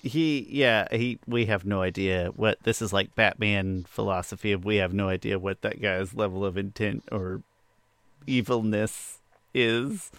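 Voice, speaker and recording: A man with a low, gravelly yet smooth, resonant voice co-hosts a podcast in casual chat. He drops dry joking asides and movie quotes. The recording is dry and close, with no room echo. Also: fairly even intonation, moderate pace, a bit bright. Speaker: podcast co-host.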